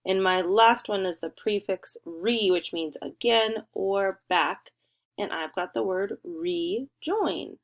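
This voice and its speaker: With a mid-range voice, a young teacher leads first graders through spelling over a remote lesson. She stretches words slowly and keeps a sing-song, encouraging tone.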